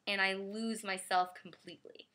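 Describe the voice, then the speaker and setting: A woman comedian chatting casually as a podcast guest, quick with asides and laughing often. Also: mid-range voice, fairly even intonation, pushed and bright.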